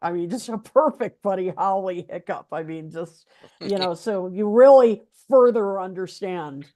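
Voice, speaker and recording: A woman's voice: medium pitch, moderate pace, warm tone. A woman co-hosting a casual music chat, talking enthusiastically with many fillers. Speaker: podcast co-host.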